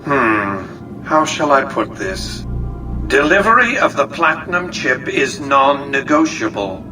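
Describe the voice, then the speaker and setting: A man's voice: mid-range voice, natural voice. A man voicing a cold, calculating, centuries-old male tycoon in video game dialogue, clipped and imperious. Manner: clipped, imperious, coldly menacing. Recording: distant game clip with music behind.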